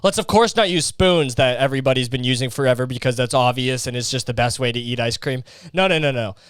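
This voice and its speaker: A man's voice: mid-range voice, fast talker, a bit bright, clear, resonant tone, no echo, clean studio sound. A young man hosting a solo comedy podcast, ranting profanely and acting out voices while sweating in a heatwave. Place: his hot bedroom.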